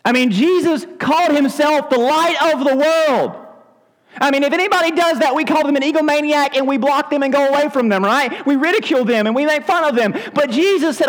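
A man preaching a sermon as pastor, animated and acting out scenes from scripture with shifting voices. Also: very high-pitched, fairly quick, big-room sound, rough recording. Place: church sanctuary.

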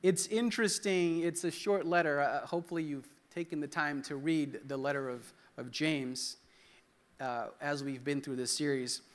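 A man's voice: on the high side, steady tone, normal speed. A young man preaching a sermon in church, loose and joking, with restarts, calling on the congregation to repeat words. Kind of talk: sermon with congregation call-and-response. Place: church hall.

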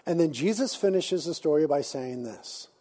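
High, husky-voiced male preacher. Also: moderate pace. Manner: animated, conversational preaching with casual slang. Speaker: pastor. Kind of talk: sermon.

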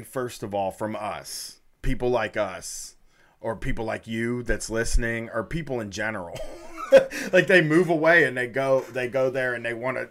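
A man's voice: medium pitch, fairly bright tone. A man co-hosting a casual chat show, reading news items aloud and breaking in with sarcastic, swearing asides. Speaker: podcast co-host.

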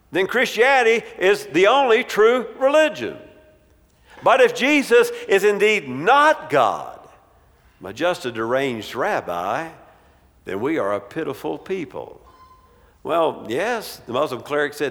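A man preaching a sermon as pastor, emphatic, with dramatic pauses and a voice that drops low at the ends of phrases. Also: sing-song, a bit bright. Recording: long reverb in a large hall.

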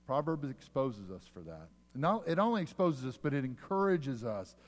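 A man preaching a sermon as pastor, telling a story with animated rises and soft, slow drops. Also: mid-range voice. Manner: animated storyteller, rising loud for punchlines, then dropping soft and slow. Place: church sanctuary. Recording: long hall reverb.

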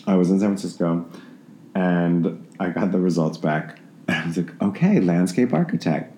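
A man, a dancer and dance professor, casually telling stories from his life as a guest, animated and laughing as he acts out quoted voices. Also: low voice, moderate pace, slight background noise. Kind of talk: casual storytelling conversation. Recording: roomy echo.

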